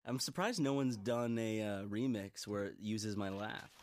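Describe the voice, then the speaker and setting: A man's voice: fairly low pitch, moderate pace, a little mellow. A man in his twenties chatting casually as a co-host, joking and laughing often. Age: 20s. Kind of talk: casual chat.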